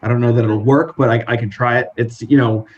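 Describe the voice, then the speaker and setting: A man narrating and playing a tabletop role-playing game in casual, halting speech full of restarts. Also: medium pitch, steady tone, darkish tone, muffled recording. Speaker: game master and player.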